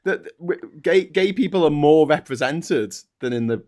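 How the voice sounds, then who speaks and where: A man's voice: on the high side, lively intonation, normal speed, a little mellow. A man with a Mancunian accent hosting a casual live stream, talking bluntly with plenty of swearing and jokes.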